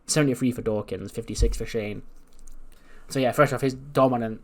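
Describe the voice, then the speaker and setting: A man talking through a wrestling management game in a casual, chatty way. He corrects himself as he goes, with a voice of middling pitch. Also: fairly even intonation, fairly quick, darkish tone. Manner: chatty, laughing asides, self-correcting. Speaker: game channel host. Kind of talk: casual narration of a wrestling sim playthrough.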